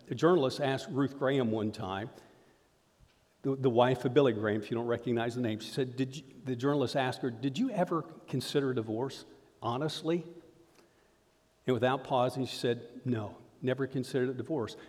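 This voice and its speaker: A man preaching a lively sermon to his congregation, often calling them folks. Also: medium pitch. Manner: energetic preaching, addresses crowd as folks. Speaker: pastor. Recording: reverberant hall sound.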